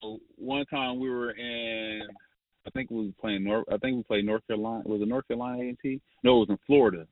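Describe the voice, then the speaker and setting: A man's voice: medium pitch, steady tone, fast talker, no echo. A man, a former college player, tells stories as a guest, laughing often and restarting his sentences with many fillers. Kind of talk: casual storytelling. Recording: phone-like line.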